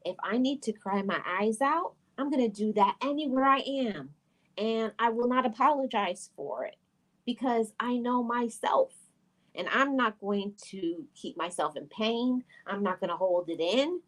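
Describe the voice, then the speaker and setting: A woman's voice: fairly high pitch, lively intonation, unhurried, rough recording. Earnest woman sharing grief advice. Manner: earnest and emphatic, repeating phrases for stress. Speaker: host of a self-help talk channel. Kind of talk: heartfelt personal talk to camera.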